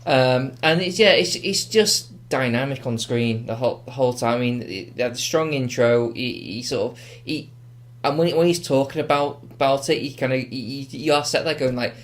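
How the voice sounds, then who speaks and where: A man's voice: medium pitch, normal speed. A man co-hosting a film podcast, rambling with many fillers and laughing often. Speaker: podcast co-host. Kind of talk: casual film review chat.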